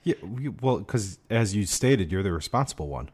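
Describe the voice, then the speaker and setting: A man's voice: fairly low pitch, animated, normal speed, a little mellow, breathy edge. A man co-hosting a podcast who chimes in with short, wry quips in a casual chat. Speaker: podcast co-host.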